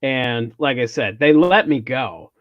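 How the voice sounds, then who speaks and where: A man's voice: medium pitch, animated, unhurried, no room sound, phone-quality sound. A man hosting a podcast, chatting casually and telling a story, often restarting his sentences. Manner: rambling storyteller, restarts, mock Minnesota accent in quotes. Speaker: podcast host. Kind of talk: casual chat.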